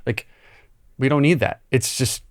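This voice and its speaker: Smooth-voiced man thinking aloud about film. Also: medium pitch, unhurried, no echo, clean studio sound. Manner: eager, thinks aloud with many "like"s. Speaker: podcast co-host, film reviewer. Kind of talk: casual film-analysis chat.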